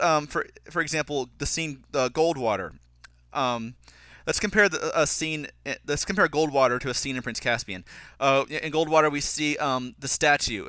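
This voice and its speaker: A young man giving a casual, critical film commentary, animated and mocking characters' lines as he goes. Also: on the high side, clear, resonant tone, no echo. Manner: animated, mocking voices when quoting characters. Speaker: film reviewer.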